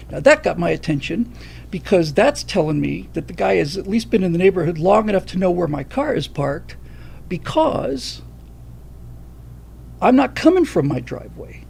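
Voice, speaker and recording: A man hosting a livestream, telling a personal story in an animated, profane way. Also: high-pitched, moderate pace, creaky, a little hiss or hum. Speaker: livestream host.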